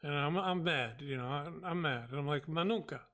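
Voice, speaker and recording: A trading show host with a slightly high, sharp voice tells a story in an animated, exasperated way. He retells events quickly, quoting dialogue as he goes.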